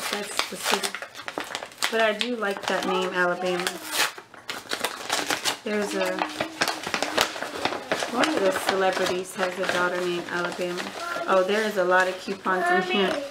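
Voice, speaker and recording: Young woman vlogger, mid-pitched voice, casual gushing chatter with quick asides. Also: very noisy. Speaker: couponing vlogger. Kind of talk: casual mail-opening chat.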